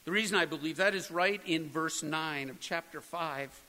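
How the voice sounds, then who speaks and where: A man's voice: fairly high pitch, normal speed, pushed and bright, long reverb tail, rough recording. A man preaching a sermon, earnest and building to emphatic peaks. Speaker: pastor.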